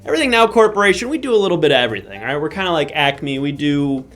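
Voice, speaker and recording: A man's voice: on the high side, sing-song, very fast, fairly bright tone, faint music behind. A man playing a rambling male corporate hiring manager in improvised live comedy, chatty and often restarting his sentences. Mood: chummy. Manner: chatty, rambling, self-interrupting. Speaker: comedy character host.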